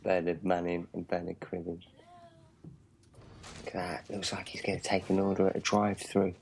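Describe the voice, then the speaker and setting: Male co-host, low creaky voice, dry crude humor. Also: level tone, normal speed, darkish tone, a little hiss or hum. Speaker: film commentary co-host. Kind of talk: casual jokey commentary.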